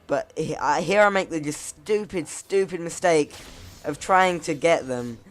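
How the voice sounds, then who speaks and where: A man's voice: fairly high pitch, unhurried, a bit bright. A man casually commenting over his gameplay, rambling, laughing at himself, his voice cracking now and then. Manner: rambling, chuckling, self-mocking.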